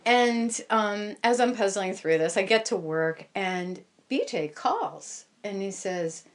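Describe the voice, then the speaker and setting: A woman recounting a personal misadventure to an audience, self-deprecating and animated. Her delivery is slow and leisurely, with a widely swinging, expressive pitch. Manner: animated, self-deprecating, laughing through the telling. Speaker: storyteller. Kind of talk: first-person live storytelling.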